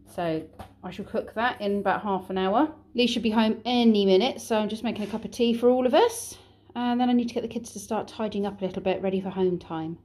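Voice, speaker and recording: This middle-aged British vlogger and childminder talks a little fast in a mid-range, slightly mellow voice. She coaxes toddlers in a sing-song style in her kitchen and playroom, chatting about her day in between.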